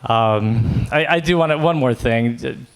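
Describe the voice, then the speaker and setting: A man speaking as a friend at a memorial, talking casually and affectionately in a halting way. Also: medium pitch, smooth. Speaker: friend giving a remembrance. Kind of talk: informal memorial speech. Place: memorial gathering.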